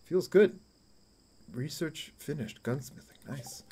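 A man's voice: on the high side, slow, warm tone, a little hiss or hum. A young man streaming a game, chatting crudely and jokily with his viewers. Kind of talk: casual live-stream chat while playing.

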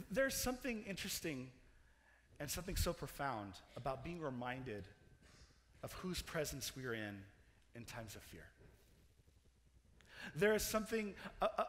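A young man preaching in a chapel, telling a story with animated energy, laughing and restarting his sentences as he goes. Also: fairly high pitch, slight background noise. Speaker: chapel speaker. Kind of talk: storytelling sermon. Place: large chapel hall. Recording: long hall reverb.

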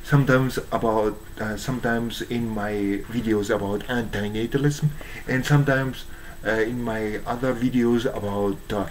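A man with a Japanese accent, hoarse from strain, giving a halting monologue full of fillers and restarts. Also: mid-range voice, steady tone, a little hiss or hum, poor audio. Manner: halting, many fillers and restarts, searching for English words. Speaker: YouTuber. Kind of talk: slow rambling monologue.

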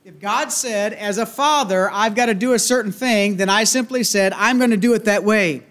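A man's voice: high voice, normal speed, fairly bright tone. A grandfatherly man with a Southern US accent, preaching a sermon in a folksy, earnest way with many restarts. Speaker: pastor.

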